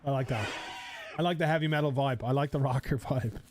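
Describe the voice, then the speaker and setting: A man's voice: medium pitch, a little fast, a little hiss or hum. A man streaming a game live, chatting casually with viewers, rambling and swearing.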